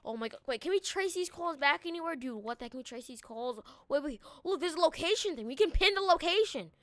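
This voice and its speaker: Excitable high-voiced woman gamer. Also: quick pace, no room sound. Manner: excitable, frequent exclamations. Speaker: gaming video host. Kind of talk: excitable let's-play commentary.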